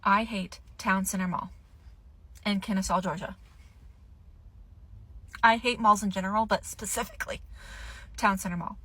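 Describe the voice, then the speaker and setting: Bright, giggly woman telling a story. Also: mid-range voice, steady tone, normal speed, pauses often, breathy edge, no echo. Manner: self-mocking, giggly storyteller. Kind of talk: casual storytime vlog.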